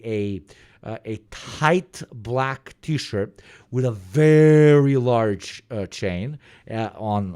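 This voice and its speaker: A man giving casual, profane reaction commentary, telling stories with lots of fillers and animated bursts. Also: on the low side, no room sound, studio quality. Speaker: reaction streamer.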